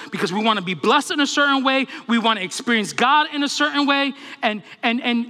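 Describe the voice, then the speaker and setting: A male pastor giving an animated, humorous sermon. His voice sits high and bright. It carries the long reverb of a church hall.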